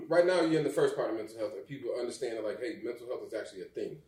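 A man hosts a relaxed interview with short replies and thoughtful follow-up questions. His voice is dark and mellow. He sits away from the mic in a roomy space. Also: medium pitch, fast, distant mic. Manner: brief backchannels and reflective follow-ups. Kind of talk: casual interview chat.

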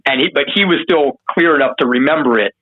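A man telling a wild story as an interview guest, casual and profane, acting out what people said in a higher voice. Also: fast talker, narrow, tinny audio. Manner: animated, profane, acts out quotes in a higher voice.

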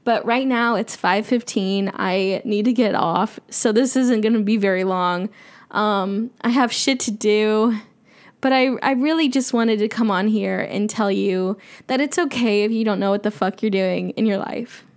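A woman's voice: medium pitch, unhurried, clean tone. A woman hosting a podcast, talking candidly and rambling, swearing freely in casual chat. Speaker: podcast host.

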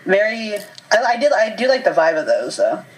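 A woman chatting about a film on a podcast. She talks quickly, agrees often and drops in short replies. Her pitch is an ordinary middle range. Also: big pitch swings, poor audio. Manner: quick, agreeable, brief interjections. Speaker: podcast co-host. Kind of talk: casual chat reviewing a movie.

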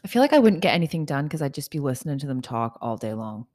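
A woman co-host with a notably low voice, chatting casually on a podcast. She reacts quickly and gets animated when telling her own stories. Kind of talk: casual chat.

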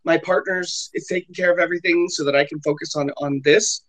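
High voiced guy hosting an online call, stammers and repeats himself, voice kinda worn out. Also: steady tone, a bit bright, low-quality recording. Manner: halting, repeats words, offers help eagerly. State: voice worn after illness. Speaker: host. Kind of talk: casual chat on a group audio call. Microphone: computer mic on an online call.

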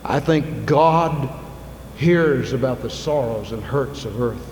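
A man preaching a sermon in a church, moving from soft, intimate asides to loud, fervent appeals. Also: mid-range voice, slow pace. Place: church sanctuary. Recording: long reverb, faint ambient noise.

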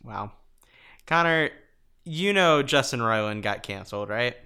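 A man co-hosting a podcast in casual chat, laughing often and filling pauses with ums. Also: mid-range voice, expressive, bright, forceful tone, smooth. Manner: chatty, laughs often, many fillers. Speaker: podcast co-host.

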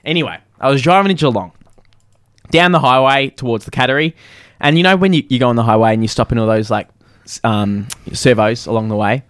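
A man's voice: medium pitch, a little fast, smooth, no echo, studio quality. A young man co-hosting a casual podcast, telling a rambling story and cutting himself off often. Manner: rambling, self-interrupting storyteller. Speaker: podcast co-host. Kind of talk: casual chat.

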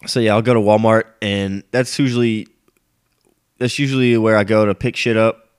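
A sick, sniffling young man hosting a solo rant. His voice sits somewhat low, and he rambles and gripes with constant swearing. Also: fairly even intonation, moderate pace, smooth. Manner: profane, griping, rambling. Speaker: podcast host.

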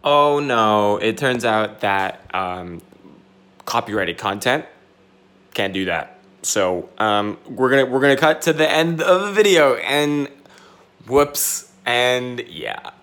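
A man's voice: medium pitch, lively intonation, slow, a bit bright. A young man hosting a casual solo podcast from home, rambling with restarts and swearing. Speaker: podcast host. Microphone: camera mic.

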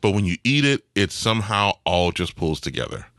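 A man's voice: fairly low pitch, big pitch swings, fairly quick, a bit bright, no echo, clean studio sound. A man co-hosting a casual chat, talking animatedly and laughing while he eats. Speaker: podcast co-host.

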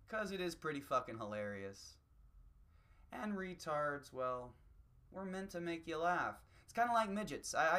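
A comedian delivering a profane, rambling, self-mocking solo rant that swings between low mutters and loud bursts.

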